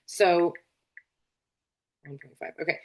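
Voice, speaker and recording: Chatty lower-voiced woman explaining labs. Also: steady tone, slow, gravelly. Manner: chatty, lots of fillers and asides. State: tired, yawning. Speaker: functional medicine practitioner. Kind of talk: casual explanatory lesson.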